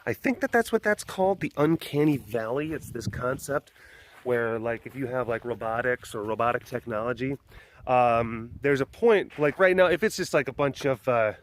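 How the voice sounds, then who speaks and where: A man's voice: medium pitch, moderate pace. Chatty man vlogging on a phone. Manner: chatty and rambling, full of fillers, bursts of excitement. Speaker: big cat sanctuary keeper and vlogger. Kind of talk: casual walk-and-talk vlog. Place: outdoor animal compound. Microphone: handheld phone.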